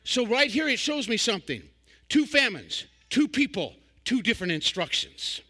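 Older male evangelist, high ringing voice, folksy and animated preaching. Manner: folksy, animated preaching with sudden loud bursts and quick asides. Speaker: traveling evangelist. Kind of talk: sermon.

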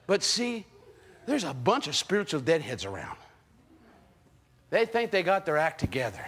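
A man preaching a sermon in an animated way, firing rhetorical questions at the congregation. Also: on the high side, normal speed, long pauses, slightly rough. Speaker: pastor.

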